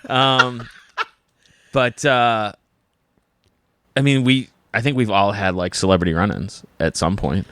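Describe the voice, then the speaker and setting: A man's voice: fairly low pitch, slow, long pauses, background noise. A man hosting a podcast, telling stories in casual chat and swearing often. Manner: animated storytelling, swears often. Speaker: podcast host.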